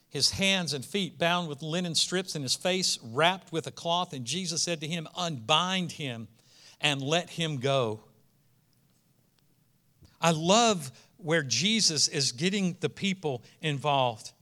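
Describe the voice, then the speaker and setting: A man's voice: on the high side, lively intonation, takes it slowly, pushed and bright. A male preacher, reading scripture aloud and breaking into casual asides that build to emphatic peaks. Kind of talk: sermon.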